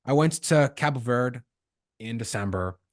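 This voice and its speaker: A man from Canada hosting a podcast, telling lively stories in a casual chat and acting out the lines of the people in them. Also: medium pitch, normal speed. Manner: lively storyteller acting out quoted dialogue. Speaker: podcast host.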